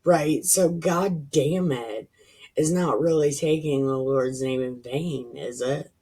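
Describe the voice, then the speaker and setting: A woman's voice: very deep voice, steady tone, measured pace, mellow, husky. A woman reading scripture aloud and riffing on it casually, irreverent, swearing and laughing at her own jokes. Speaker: Bible reading vlogger.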